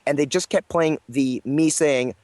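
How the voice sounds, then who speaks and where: A man's voice: a little high, a little slow, background noise. A man guesting as a voice actor, telling a casual, rambling anecdote with lots of fillers and self-deprecating asides. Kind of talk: casual storytelling interview.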